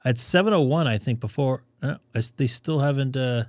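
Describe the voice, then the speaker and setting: A man's voice: medium pitch, brisk, dry recording, studio quality. A man losing his voice, chatting casually as he hosts a ham radio live stream and thinks aloud. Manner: rambling, thinking aloud with fillers.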